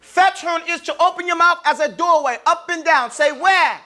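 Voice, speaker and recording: A man's voice: very high voice, normal speed, slight background noise. A man teaching Arabic letter pronunciation, asking the class to repeat sounds after him and acting out each sound. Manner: demonstrates sounds, sometimes loudly.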